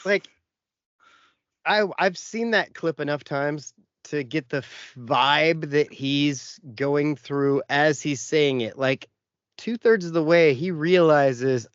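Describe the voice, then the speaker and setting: A man's voice: on the high side, smooth, dry recording, dull audio. Chuckling podcast co-host man, dry sound. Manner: laughs often, quick comebacks. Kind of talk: casual chat.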